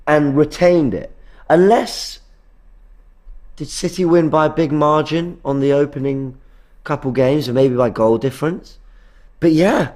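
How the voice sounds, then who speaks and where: A man's voice: fairly high pitch, darkish tone. Rambling male live-stream host. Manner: rambling, self-correcting, reads viewer comments. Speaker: fan channel host. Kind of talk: live-stream post-match chat.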